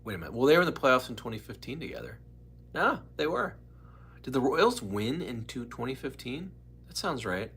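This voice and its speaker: A man's voice: mid-range voice, very animated, a little fast, fairly bright tone, slightly rough. A man hosting a casual live stream from home, rambling and chatty as he greets viewers by name.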